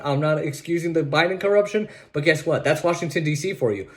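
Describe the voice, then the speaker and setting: A male podcast host with a fairly high voice, delivering political commentary. He sounds sarcastic and mocking, hammers his points by repeating them, and breaks off to restart his sentences. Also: a little fast. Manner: emphatic and repetitive, restarts sentences.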